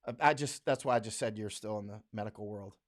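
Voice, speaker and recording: A man's voice: lowish voice, fast. An American man hosting a casual livestream, reading viewer comments aloud on a studio microphone, talking bluntly and rambling, with frequent laughs. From United States. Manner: rambling, blunt, laughs often, mocking voices when quoting others.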